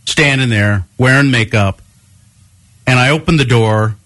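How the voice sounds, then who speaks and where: A man's voice: medium pitch, unhurried. A man co-hosting a radio show, telling stories in casual banter and acting out the quotes. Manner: animated storyteller with voiced quotes. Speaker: radio co-host.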